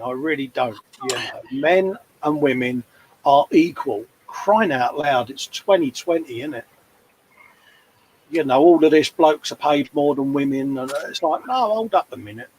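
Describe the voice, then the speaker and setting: A man's voice: mid-range voice, a little hiss or hum, poor audio. A man in his fifties with an East London accent, chatting casually on a hobby livestream and telling rambling anecdotes. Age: 50s. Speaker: co-host of a model-building livestream. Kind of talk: casual chat.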